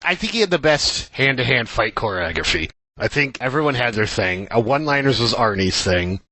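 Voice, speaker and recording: A man's voice: mid-range voice, sing-song, brisk, sharp tone, dry recording. A man co-hosting a casual film podcast, joking around and throwing in silly impressions. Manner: jokey, does silly impressions. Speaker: podcast co-host.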